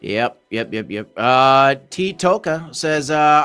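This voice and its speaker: A man's voice: mid-range voice, animated, takes it slowly, pushed and bright, smooth, faint music behind. A man hosting a casual livestream, reading chat comments aloud in a loose, jokey, rambling way. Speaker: host of a crypto livestream.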